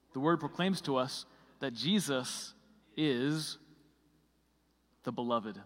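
A man's voice: mid-range voice, a bit bright, long reverb tail. A man preaching a sermon in a conversational way, full of fillers and restarts.

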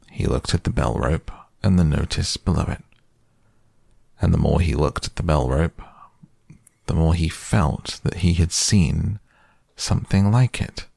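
A man narrating a children's storybook in a slow, measured, gentle way. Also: low-pitched, gravelly, slightly rough, dry recording, clean studio sound. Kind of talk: storybook reading.

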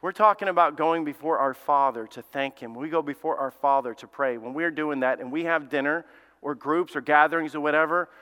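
A middle-aged man preaching a sermon as lead pastor, animated and joking, acting out quick little scenes with his listeners. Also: on the high side, clear, resonant tone. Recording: long hall reverb.

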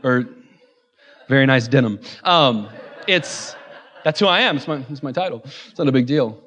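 A man's voice: mid-range voice, animated, a little slow, pauses often, fairly bright tone, dull audio. A man preaching a sermon as a pastor in a church, mixing joking asides with impassioned, repeated refrains.

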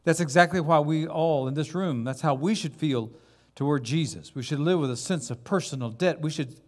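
A man preaching from the pulpit, his voice sitting a touch high for a man. He builds his points dramatically, stacking short words and punching each one. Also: normal speed, a little mellow. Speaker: pastor. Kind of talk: sermon.

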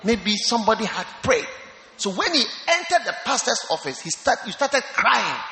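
A man, a bishop preaching and questioning a member of his church, excitable and given to shouting. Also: sits high, normal speed, roomy sound, long reverb tail, poor audio. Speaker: bishop leading a church service. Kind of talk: sermon with on-stage testimony interview. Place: large church hall.

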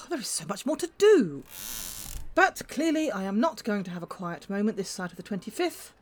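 A woman's voice: mid-range voice, very animated, normal speed, pauses often, slight background noise, close to an everyday voice. A woman as a snappish, miserly businesswoman. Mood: curt. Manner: curt, snappish and scornful.

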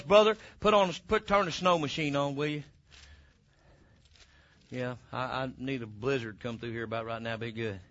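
A man preaching a sermon as pastor, emphatic and fervent, breaking into sudden loud bursts. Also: fairly high pitch, dull audio.

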